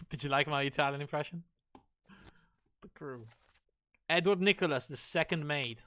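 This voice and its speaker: A man's voice: on the high side, normal speed, bright, forceful tone, no room sound. Man musing through a mystery game. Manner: musing aloud, thinking through clues. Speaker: streamer. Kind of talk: casual live gameplay commentary.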